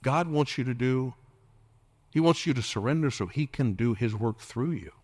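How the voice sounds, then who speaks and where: This pastor's medium-pitched, darkish voice is animated and moderately paced, with no echo. His preachy sermon peppers the crowd with questions and drifts into jokey mimicry.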